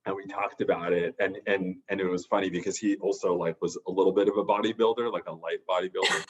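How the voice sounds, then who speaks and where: A man's voice: sits low, fairly even intonation, fast talker, breathy edge, lo-fi sound. A man, a therapist, telling a personal story in a casual, rambling way with many restarts. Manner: rambling, full of restarts and fillers. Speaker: podcast guest, therapist.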